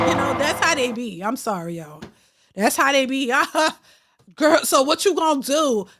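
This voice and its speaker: A woman with a high voice and speech hosts a casual livestream. She talks bluntly and animatedly in slang, laughing often as she reads super chats. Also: fairly bright tone.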